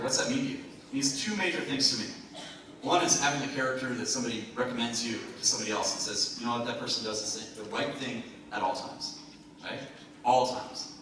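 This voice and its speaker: A man gives a motivational talk at a live event, chatty and jokey, throwing questions at the audience. His voice sits at an ordinary middle pitch. The recording catches him from a distance in a very reverberant hall, with clear room noise behind him. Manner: lively, jokey, asks the crowd questions. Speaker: motivational speaker. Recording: very echoey hall, speaker far from mic, noisy.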